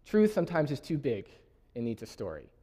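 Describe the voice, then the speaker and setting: A man's voice: medium pitch, big pitch swings, brisk, warm tone. A young man from Canada giving a sermon, reading scripture aloud and laughing often. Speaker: preacher.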